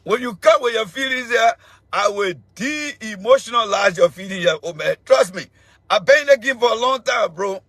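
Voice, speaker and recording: A middle-aged man with a Liberian accent rants through a political commentary monologue, his high voice bright and cutting against a dry, close mic. He repeats himself, loops back and jabs at his listeners. It is the loose talk of an online show host. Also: animated, normal speed, dry recording. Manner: mocking, laughing, shouting insults at a commenter; loose, repetitive, ranting.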